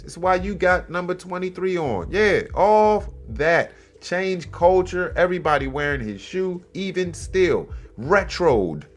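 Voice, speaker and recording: A man hosting a comedy commentary show, animated and mocking, swinging between loud exclamations and low mutters. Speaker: host.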